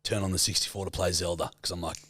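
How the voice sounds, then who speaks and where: A man's voice: sits low, very fast, no room sound. Sweary Australian man telling a yarn. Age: 30s. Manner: swears freely, animated storyteller. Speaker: podcast co-host. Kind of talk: casual storytelling chat.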